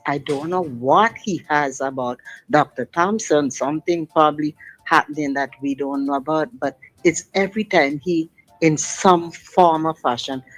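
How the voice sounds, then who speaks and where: A middle-aged woman calls in to a radio show and speaks over the phone in long, emphatic, impassioned sentences. Her voice is low-pitched, and the recording quality is low.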